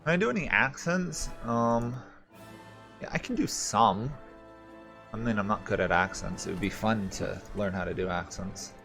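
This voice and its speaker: A man streaming a strategy game, thinking aloud in a relaxed, rambling way and answering chat questions. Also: fairly low pitch, moderate pace, gravelly, faint music behind. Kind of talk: casual gameplay commentary.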